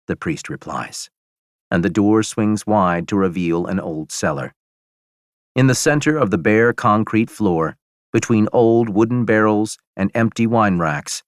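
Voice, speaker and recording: A male audiobook narrator with a very low, deep voice tells a first-person story at a steady, measured pace. The recording is close and very dry, with no room sound behind it. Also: no echo.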